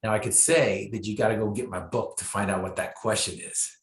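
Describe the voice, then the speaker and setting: A man's voice: on the low side, fairly even intonation, brisk. Emphatic male motivational speaker, echoey. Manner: emphatic, repeats key phrases for effect. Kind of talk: inspirational storytelling. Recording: echoey room.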